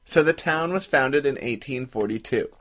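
A man's voice: medium pitch, normal speed, fairly bright tone. A man co-hosting a casual podcast, reading history notes aloud and laughing often. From Irish heritage. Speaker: podcast co-host. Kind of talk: casual chat.

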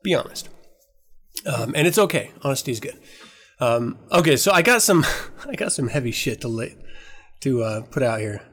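A man's voice: medium pitch, very animated, moderate pace, long pauses, a bit bright. A man hosting his own podcast, talking candidly and with a lot of profanity, emotional as he relives a painful moment. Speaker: podcast host. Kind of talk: casual podcast monologue.

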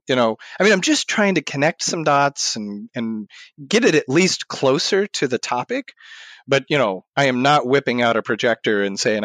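A man's voice: mid-range voice, normal speed, no echo, studio quality. A man talking as a guest in an interview, animatedly telling stories and acting out what he said back then. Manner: animated storyteller, acts out his own past words. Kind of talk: storytelling in a podcast interview.

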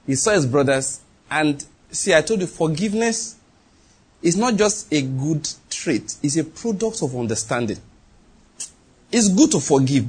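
Male preacher, high husky voice, animated sermon delivery with acted-out quotes and loud-to-hushed swings. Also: a little slow.

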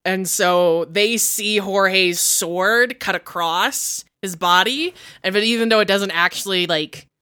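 A woman player narrating a tabletop role-play scene in an animated, halting way. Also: medium pitch, clean tone, dry recording, clean studio sound.

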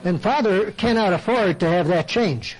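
An older man delivers a sermon in a conversational way, with a fairly high-pitched voice. He keeps asking rhetorical questions and voices his listeners' complaints back at them. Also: normal speed, poor audio. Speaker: Christian speaker and counselor. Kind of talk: sermon talk.

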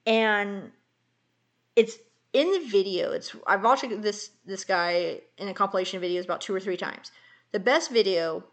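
A woman's voice: medium pitch, normal speed. A woman co-hosting a casual chat, retelling a story in a rambling way full of fillers. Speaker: podcast co-host.

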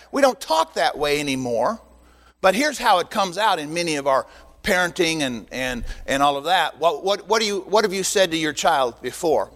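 Older male pastor, high-pitched, animated teaching sermon in a reverberant hall. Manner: animated, joking asides to the congregation. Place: church sanctuary. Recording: long reverb in a church hall.

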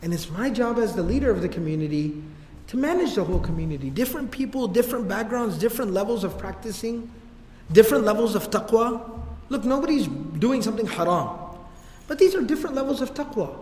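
A man doing a patient male leader calming a frustrated friend. He speaks softly and steadily, reasoning rather than ordering. A long hall reverb trails each phrase. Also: high voice, quick pace. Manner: soothing, reasoning, gently firm. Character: calm male community leader, patient but firm.

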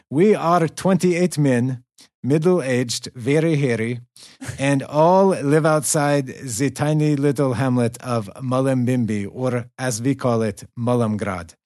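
A man's voice: medium pitch, darkish tone, dry recording, studio quality, natural voice. A man voicing a male choir leader with a put-on Russian accent, proud and hammy.

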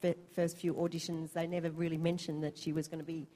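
Woman panel guest, chatty, lots of laughs, lowish voice, long hall reverb. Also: fast. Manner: chatty, laughs often, animated storytelling. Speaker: convention panel guest actor. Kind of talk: convention panel Q&A answers.

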